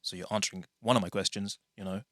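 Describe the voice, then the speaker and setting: A man's voice: fairly low pitch, steady tone, fast, a bit bright, no room sound, studio quality. A man hosting a casual podcast, rambling through tangents and correcting himself as he goes. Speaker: podcast host.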